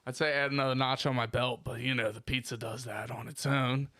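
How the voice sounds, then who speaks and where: A man's voice: medium pitch, flat delivery, brisk, pushed and bright, no echo, clean studio sound. A man co-hosting a podcast in casual banter, joking around and laughing often. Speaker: podcast co-host.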